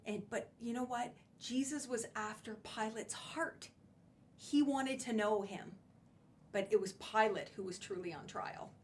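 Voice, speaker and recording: Emphatic higher-voiced woman teaching scripture. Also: a little hiss or hum. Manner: emphatic, stresses key words. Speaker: church speaker. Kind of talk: sermon teaching.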